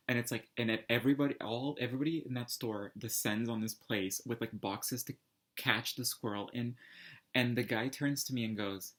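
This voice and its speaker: A man casually telling a personal anecdote, rambling and animated, full of fillers and restarts. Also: mid-range voice, moderate pace. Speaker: storyteller.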